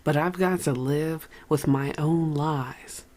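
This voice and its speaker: The audiobook narrator voicing a blunt ex-convict man who talks in riddles, in a calm, measured way. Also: mid-range voice, natural voice. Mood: reflective.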